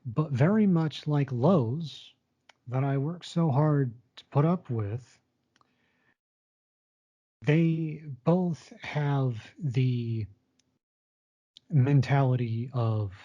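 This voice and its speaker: A man telling his own story in a frank, blunt way, and he does not hold back his swearing. His voice is dark and mellow, and it sits in an even middle register. The recording is dull and lo-fi. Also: mid-range voice, very slow, pauses often. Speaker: storyteller recounting his retail job. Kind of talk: casual spoken personal story.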